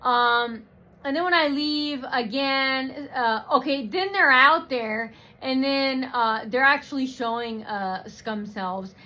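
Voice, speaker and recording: Woman, rambling mocking rant, fairly high voice, unhurried delivery, lots of ums. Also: bright, forceful tone. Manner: profane, mocking, rambling with many fillers. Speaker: vlogger.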